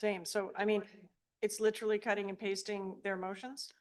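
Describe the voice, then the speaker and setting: A woman's voice: medium pitch, flat delivery, fairly quick. Woman councillor probing with questions. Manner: probing, thinking aloud with fillers. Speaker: city councillor.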